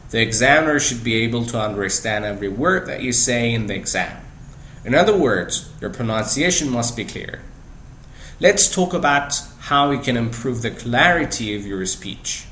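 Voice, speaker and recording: A man's voice: mid-range voice, a bit bright. Man, persian native, english-prep podcast teacher, instructive tone, roomy echo, faint background hum. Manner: instructive, addresses listener directly with questions. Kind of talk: scripted podcast lesson. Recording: echoey room with faint ambience.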